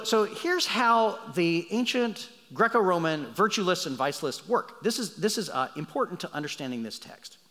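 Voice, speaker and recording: A man preaching a sermon with a lively voice that rises for emphasis and drops low for asides. His voice sits a little higher than most men's. A long reverb from a large church hall trails behind every phrase. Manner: animated preaching, swings between loud emphasis and quiet asides. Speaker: pastor.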